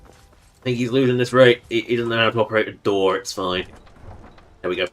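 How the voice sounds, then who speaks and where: A man's voice: medium pitch, a little fast, pauses often, a bit bright. A man giving playful, rambling gameplay commentary on a livestream. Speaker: streamer.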